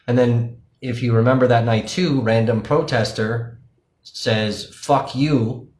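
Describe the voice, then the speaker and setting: A man's voice: medium pitch, steady tone, unhurried, a little mellow. A man, an independent livestream journalist, talking casually and profanely to his viewers, explaining things directly to them. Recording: roomy echo.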